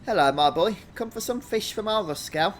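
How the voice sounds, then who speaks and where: A man's voice: sits high, lively intonation, normal speed, fairly bright tone, slight background noise, voice pushed up. A man voicing a folksy older male villager from a video game who calls the listener boy.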